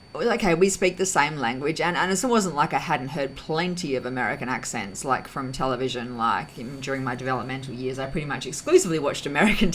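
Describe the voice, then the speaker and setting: A woman hosting her own vlog, talking through her thoughts in a rambling, casual way, often correcting herself and filling pauses. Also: sits low, fairly bright tone, slight background noise, low-quality recording. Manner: rambling, self-correcting, heavy use of fillers. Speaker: vlog host. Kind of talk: casual reflective monologue.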